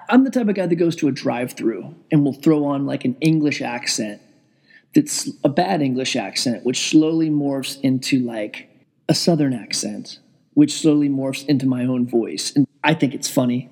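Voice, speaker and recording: A man's voice: mid-range voice, gravelly, darkish tone, husky. A man telling a rambling, profane, self-deprecating story in a casual vlog, speaking from home. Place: indoors at home with TV on.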